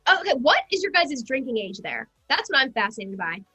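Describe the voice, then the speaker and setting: Bubbly, fast-talking young American woman. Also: sits high, very animated, sharp tone, slightly rough, faint music behind. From United States. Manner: bubbly, lots of "like". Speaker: guest. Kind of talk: casual chat.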